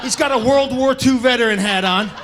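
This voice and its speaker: A man doing stand-up storytelling, shouting punchlines and acting out the people in his stories. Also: very high voice, brisk, a little hiss or hum. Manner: animated, shouts punchlines, acts out characters. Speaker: stand-up comedian. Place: comedy stage.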